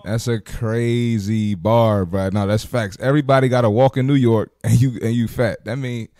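A man's voice: mid-range voice, fairly even intonation, fairly quick, dark tone, dry recording. A man hosting a podcast, reacting to video clips with blunt, joking, slangy trash talk. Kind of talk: casual reaction commentary.

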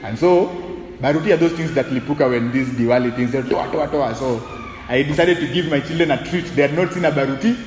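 A man preaching a sermon with animated, humorous delivery, mixing English and Swahili. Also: mid-range voice, fast talker, reverberant, big-room sound, slight background noise, low-quality recording. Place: church sanctuary.

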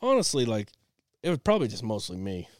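A young man co-hosting a podcast, telling a family story in an animated way and laughing often. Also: fairly low pitch, fast, dry recording, studio quality. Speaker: podcast co-host. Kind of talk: casual storytelling chat.

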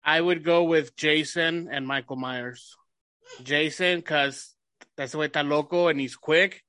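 A man's voice: on the high side, measured pace, pushed and bright, dry recording. A man in casual podcast chat, explaining his points and mixing in Spanish. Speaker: podcast guest.

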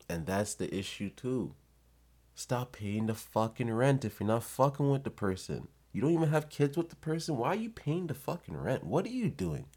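Guy ranting to camera, kinda low voice, swears a lot, preachy and blunt. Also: a little mellow. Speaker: vlogger giving advice. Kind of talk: casual rant to camera.

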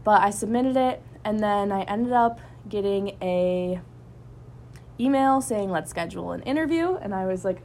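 A young college woman tells a story on a casual podcast, quick and animated, filling gaps with "like" and "um". Her voice sits at a middle pitch for a woman, with a faint hiss behind it. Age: young adult. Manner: animated, breathless storytelling with many fillers. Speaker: student club member.

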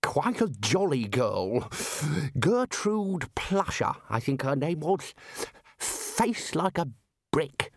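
A man's voice: on the high side, big pitch swings, takes it slowly, dry recording, clean studio sound, voice pushed up, exaggerated voice. A man doing a dotty old wizard. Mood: dreamy. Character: dotty, dreamy elderly male wizard.

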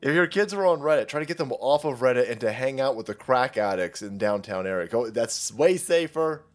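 A man's voice: mid-range voice, animated, brisk, soft background music. Crude, mocking male commentary host. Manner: crude, mocking, laughs often. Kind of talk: ranting commentary.

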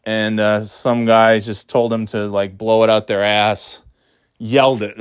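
A man's voice: fairly low pitch, steady tone, moderate pace, clear, resonant tone, no echo, studio quality. A man delivering an exasperated, profane, sarcastic ranting monologue.

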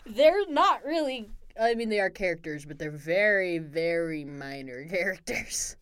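Lowish-voiced young woman, dry close sound. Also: expressive, a little slow, clean tone, no room sound. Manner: laughs often, acts out characters' lines playfully. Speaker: podcast co-host. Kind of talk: casual book-club chat.

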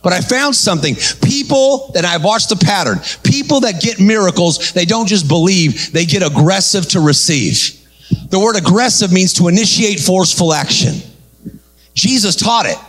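A man's voice: sits high, expressive, moderate pace, fairly bright tone, poor audio. A man preaching a sermon in punchy bursts, calling on the congregation to answer back. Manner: punchy call-and-response preaching. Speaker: pastor.

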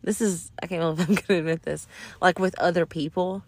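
A woman's voice: fairly low pitch, fairly even intonation, brisk, darkish tone, a little hiss or hum. A woman co-hosting a casual podcast chat who talks in a rambling, hesitant way with lots of fillers. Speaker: podcast co-host.

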